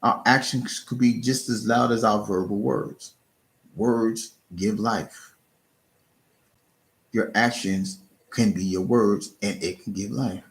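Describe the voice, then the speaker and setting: A man's voice: on the low side, steady tone, measured pace. A man streaming live, giving casual, earnest encouragement to his chat, often restarting and repeating words. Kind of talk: casual motivational talk.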